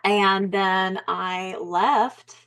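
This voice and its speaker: This young Alabama woman, a mindset coach appearing as an interview guest, speaks with a Southern accent at medium pitch. Her tone is steady, fairly bright and clean, and she draws out her words. The casual talk is hesitant and reflective, full of fillers and restarts.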